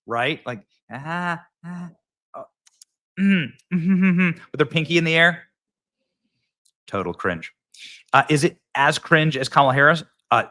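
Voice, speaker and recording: A man's voice: fairly high pitch, pushed and bright. A man hosting a political commentary show, talking in a mocking, punchy, sarcastic way.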